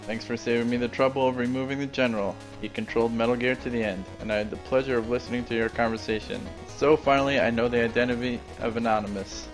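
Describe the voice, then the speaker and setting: A man's voice: mid-range voice, fast talker, few pauses, music in the background, lightly acted, rough recording. A man reading as a vengeful commander. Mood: menacing. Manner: reads villain dialogue aloud flatly. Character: vengeful male commander, scheming and cold.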